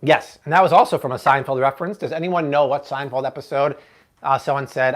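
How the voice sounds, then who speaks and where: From his home kitchen, a man hosts a live cooking show, chatty and playful as he talks through each step and jokes with the viewers in chat. His mid-range voice is steady in tone and fairly quick, with slight background noise.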